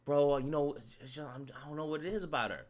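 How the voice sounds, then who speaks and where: A man's voice: a little high, fast talker, pitched below the performer's own voice, natural voice. A man voicing a sheepish, lovestruck young man who mumbles about his girlfriend, in a comic skit. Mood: smitten.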